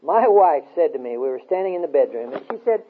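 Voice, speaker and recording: A man's voice: fairly high pitch, sing-song, fast, slight background noise. A man preaching a sermon, exhorting his listeners in an earnest way and telling stories from his life. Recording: tinny phone-like sound.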